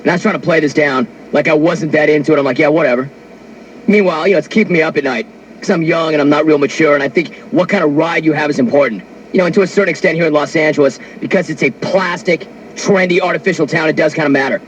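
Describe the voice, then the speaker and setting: A man's voice: a little high, quick pace, slightly rough, dry recording, poor audio. A man hosting a talk radio show, telling a story in a brash, wisecracking monologue into a studio mic. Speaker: sports radio host.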